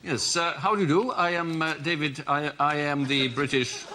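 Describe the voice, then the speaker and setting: A man's voice: fairly high pitch, fairly even intonation, normal speed. A man playing a bumbling, posh prime minister in an improvised comedy sketch, overly polite and flustered. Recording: loud audience laughter and noise.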